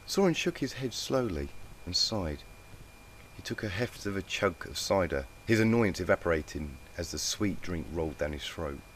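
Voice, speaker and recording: A man reading a fan story aloud in plain, steady narration, with small slips now and then. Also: deep voice, moderate pace, slight background noise. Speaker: fanfic reader.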